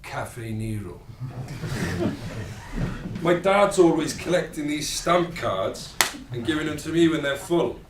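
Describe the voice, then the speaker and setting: A man's voice: fairly high pitch, expressive, slow pace, pauses often, very noisy. A man playing a sardonic foul-mouthed Welshman. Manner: sardonic, swearing, wry asides. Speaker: actor performing a monologue. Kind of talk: stage monologue. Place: rehearsal room. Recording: roomy, distant mic.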